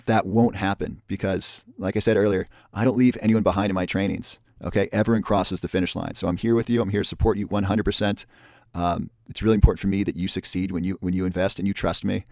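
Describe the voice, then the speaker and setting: A man presenting a webinar, pitching a parenting program and repeating the offer and the spots left. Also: creaky, a little mellow, no room sound, studio quality. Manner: pushy salesman tone, repeats offers and counts down spots.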